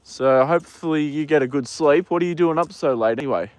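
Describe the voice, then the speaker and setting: Relaxed Australian man streaming outdoors. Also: on the high side, fairly quick, dry recording. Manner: relaxed, chatty, talks gently to horses. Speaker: livestreamer. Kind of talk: casual livestream chat. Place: outdoor paddock. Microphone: phone.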